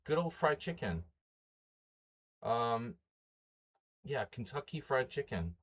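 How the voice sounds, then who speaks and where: A man's voice: fairly low pitch, highs cut off. A man hosting a chess stream in a chatty, wry way, listing rules and greeting viewers. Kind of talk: casual live-stream chat.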